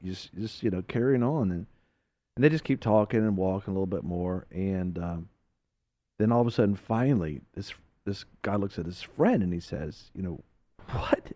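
A man hosting a talk show, telling a folksy story and preaching in an animated, laughing way. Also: fairly low pitch, no room sound.

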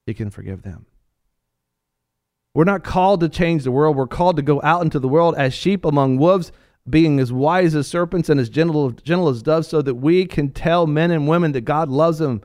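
A man preaching a sermon with passion, swinging between hushed lines and loud ones, addressing his listeners directly as sir and ma'am. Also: a little high, moderate pace, no room sound, studio quality.

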